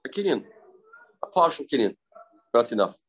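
A man's voice: medium pitch, very animated, normal speed, fairly bright tone. A man teaching a daily Talmud page, repeating phrases and mixing English with Hebrew and Aramaic terms. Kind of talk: explaining a Talmud page aloud.

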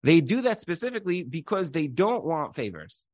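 A man's voice: a little high, moderate pace, no echo. A man giving a casual Torah lecture, telling stories with lots of filler "like"s and acting out the people he quotes. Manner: animated storytelling full of "like"s and acted-out quotes.

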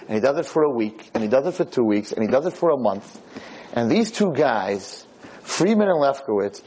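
A man giving a lecture on camera, telling a story in a dramatic, repetitive, animated way. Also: medium pitch, slightly rough, low-quality recording. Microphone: filmed on camera.

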